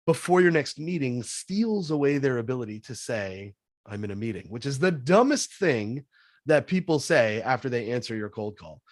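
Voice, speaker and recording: A man talking in a casual interview, coaching in an energetic, animated way. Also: mid-range voice, normal speed, no echo, studio quality. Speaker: sales trainer guest.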